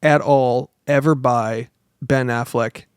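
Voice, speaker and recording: A man's voice: medium pitch, steady tone, slow, smooth, no room sound, clean studio sound. A man co-hosting a movie podcast, chatting casually and swearing freely as he retells anecdotes. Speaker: podcast co-host. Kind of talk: casual film chat.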